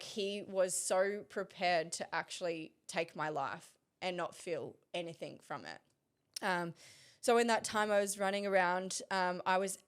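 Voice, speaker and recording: Interview guest: woman, slightly low voice, hesitant delivery with frequent restarts. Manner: halting and hesitant, many pauses and restarts. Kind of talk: recounting a personal story in conversation.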